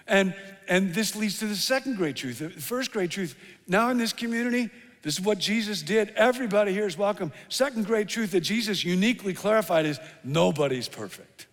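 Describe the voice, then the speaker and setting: A man's voice: sits high, a little fast. Man preaching in a reverberant hall. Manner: lively storytelling, swinging from emphatic to hushed. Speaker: pastor. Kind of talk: sermon.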